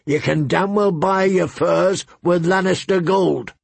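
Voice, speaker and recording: A man reading an audiobook, voicing a gruff and irritable king who grumbles and blusters. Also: sits high, a little slow, no room sound, pitched above the performer's own voice, exaggerated voice.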